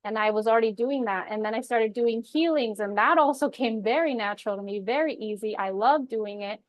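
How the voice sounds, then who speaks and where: A young woman hosting a webinar, telling her personal story in a chatty, animated way. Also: fairly high pitch, fairly quick, no echo. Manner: chatty and animated, acts out quoted voices. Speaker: intuitive healer hosting a webinar.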